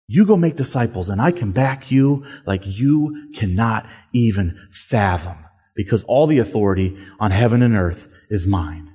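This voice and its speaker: A man voicing a gentle, reassuring Jesus giving a pep talk, speaking soft and low in a sermon. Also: expressive, moderate pace, slightly rough. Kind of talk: sermon with acted quotes. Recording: long hall reverb.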